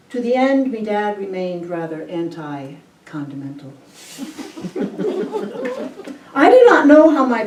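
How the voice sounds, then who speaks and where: A woman telling a personal story on stage in a wry, deliberate way, savoring each detail. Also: medium pitch, dark tone, far from the mic, slight background noise. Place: stage at a live storytelling event. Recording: roomy hall, voice from the mic.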